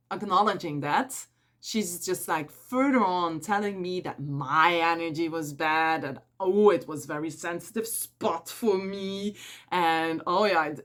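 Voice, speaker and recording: A woman with a Flemish accent, Dutch her first language, telling a personal story in a casual, candid and animated way as an energy advisor. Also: on the low side. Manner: candid and animated, acting out quotes, laughing often.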